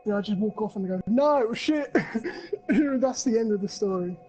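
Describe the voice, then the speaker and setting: A man's voice: high-pitched, quick pace, mellow, soft background music, rough recording. A young man on a podcast, rambling through a crude story and swearing a lot. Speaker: podcast co-host. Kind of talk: casual chat.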